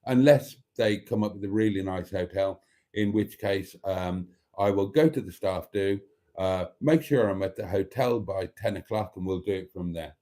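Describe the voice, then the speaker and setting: Mellow British man bantering on a livestream. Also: sits low, normal speed. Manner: reads viewer comments aloud and banters back; chuckling, joking, often clears his throat. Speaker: livestream host. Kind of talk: casual livestream chat.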